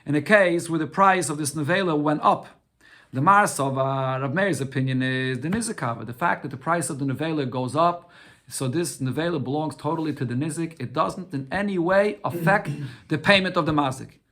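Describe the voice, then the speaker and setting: Speaking briskly in a fairly high, somewhat bright voice, a man leads a daily Talmud class. Short Aramaic phrases are read and unpacked one step at a time, with frequent repetition of words and questions he raises and answers himself.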